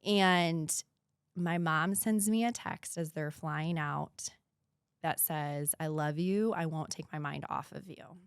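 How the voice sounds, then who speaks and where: A woman in her thirties from the United States, a podcast guest telling a painful personal story in an earnest voice that sometimes drops to a hushed whisper. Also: deep voice, slow, clean tone, no room sound, clean studio sound.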